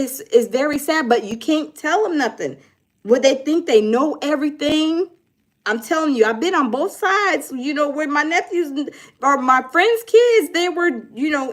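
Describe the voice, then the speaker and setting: A woman with a bright, high-pitched voice, talking casually about crime news. Her delivery is preachy and conversational, with mocking quotes of others slipped in. She speaks like a host addressing her viewers. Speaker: commentary host.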